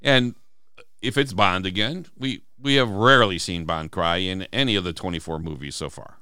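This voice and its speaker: A man co-hosts a podcast in a low, clear, resonant voice that sounds pushed and bright, speaking at normal speed. He talks through song lyrics in casual, emphatic chat and acts out the quoted lines. The recording is dry, with clean studio sound.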